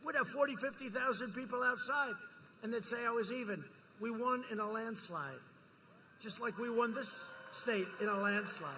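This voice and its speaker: A man's voice: extremely high pitch, normal speed, background noise. A man giving a campaign rally speech, boastful and repetitive, rousing the crowd. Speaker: politician speaking at a campaign rally.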